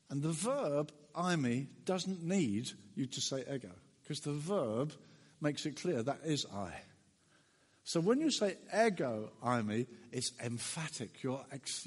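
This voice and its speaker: A man preaching a sermon, animated and dramatic, swinging between loud emphasis and quiet. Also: on the high side, slightly rough. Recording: long reverb of a large hall.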